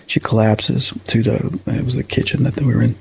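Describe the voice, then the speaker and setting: A man in his fifties from the Chicago suburbs, a paranormal investigator telling a story in a rambling, halting way with restarts. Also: medium pitch, flat delivery, vocal fry, darkish tone, husky, rough recording. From Chicago suburbs, USA. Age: 50s. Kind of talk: casual storytelling interview.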